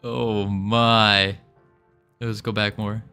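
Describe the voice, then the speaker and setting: A man's voice: on the low side, level tone, drawn-out words, sharp tone, clear, resonant tone, soft background music. A man chatting casually with his stream audience as a game developer, rambling, joking and restarting his sentences. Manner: rambling, joking with chat, stumbling over restarts. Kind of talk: casual livestream chat.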